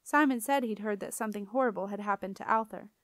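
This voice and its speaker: A woman's voice: mid-range voice, fast talker, dry recording, studio quality, lightly acted. A woman voicing a tired, no-nonsense young woman who speaks politely but curtly.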